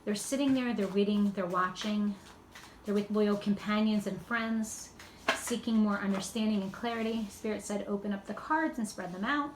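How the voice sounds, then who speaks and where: A woman's voice: medium pitch, normal speed. A woman giving a casual, rambling tarot card reading in a loose, spiritual way. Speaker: tarot reader. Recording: echoey room with faint background noise.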